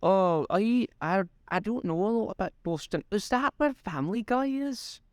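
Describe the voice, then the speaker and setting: A man's voice: high-pitched, lively intonation, moderate pace, no echo, studio quality. A man chatting on a podcast in a hesitant way, often restarting his sentences. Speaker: podcast co-host. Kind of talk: casual chat.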